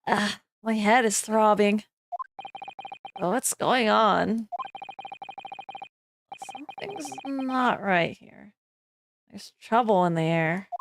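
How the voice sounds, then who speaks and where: A woman's voice: mid-range voice, slow, pauses often, noisy background, voice pushed down. A woman voicing a dazed young male lawyer, groggy and bewildered.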